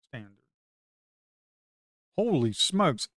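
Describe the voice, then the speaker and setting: Excitable rambling man, dry close mic. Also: a little high, takes it slowly, pauses often, no echo. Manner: excitable, rambling, slangy, says "man" a lot. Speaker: futures trader and video host. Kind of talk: casual screen-share trading commentary.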